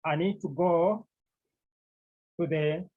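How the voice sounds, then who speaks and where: A man teaching a Greek class, speaking slowly and deliberately, repeating key words and often clearing his throat. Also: on the high side, steady tone. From Cameroon. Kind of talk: classroom lecture. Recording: dull lo-fi recording.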